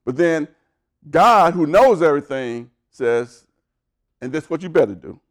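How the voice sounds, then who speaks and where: A man delivering a sermon in a fairly high voice. He preaches with emphasis, pushing his pitch up and pressing harder as he builds toward a point. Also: lively intonation, unhurried. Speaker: pastor.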